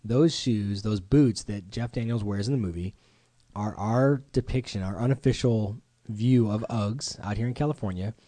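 Mellow-voiced man hosting a casual chat. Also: lowish voice, normal speed, no room sound. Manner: animated, acts out quoted voices. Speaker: podcast host. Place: home studio.

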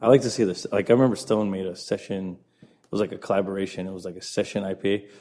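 A man with a lowish, mellow voice chats eagerly about beer. He talks in quick bursts and trails off, in a relaxed podcast conversation. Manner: enthusiastic, chatty, laughs easily. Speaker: podcast host. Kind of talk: casual beer chat.

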